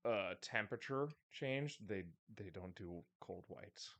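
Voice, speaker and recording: Male co-host, lower register, teasing banter. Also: expressive, measured pace, vocal fry, a bit bright. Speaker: podcast co-host. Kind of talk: casual chat.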